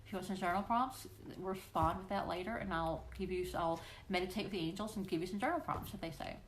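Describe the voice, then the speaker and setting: Speaking at a quick pace in a fairly low voice, a woman hosts a weekly live question-and-answer stream. She's playful and encouraging with viewers, talks casually, and often acts out quoted voices. Her livestream computer mic carries slight background noise.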